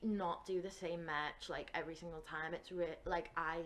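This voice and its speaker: A woman's voice: on the low side, steady tone, normal speed, a bit bright. A woman, a band member guest, rambling and hesitant in casual interview chat, heavy on fillers.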